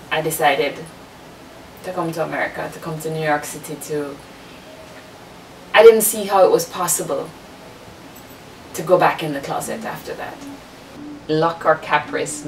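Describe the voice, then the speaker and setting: A woman's voice: low-pitched, fairly bright tone, roomy sound, recorded from a distance, poor audio. A woman telling her life story in an interview, frank and emphatic, swearing freely, with lyrical phrasing. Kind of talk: candid personal storytelling.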